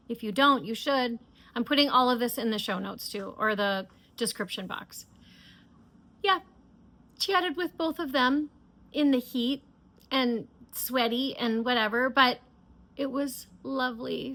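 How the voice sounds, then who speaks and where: A middle-aged woman from the United States chats enthusiastically as a knitting podcast host, stumbling through fillers and restarts. Her voice sits a little high and sounds bright and forward. She speaks with easy, casual energy. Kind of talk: casual chat.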